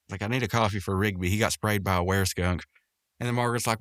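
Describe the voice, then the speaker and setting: A man hosting a podcast, casually recapping a cartoon episode, rambling and jumping into higher voices to act out the characters' lines. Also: fairly even intonation, quick pace, fairly bright tone, no echo, studio quality. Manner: rambling, acts out quotes in raised voices. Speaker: podcast host.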